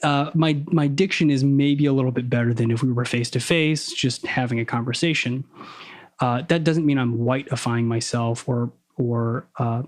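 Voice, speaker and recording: A man's voice: mid-range voice, fairly even intonation. A man talking as a podcast guest, over-enunciating his words on purpose and stopping to correct himself as he probes ideas. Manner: deliberately crisp, over-enunciated diction; analytical, probing, self-correcting. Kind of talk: casual conversation.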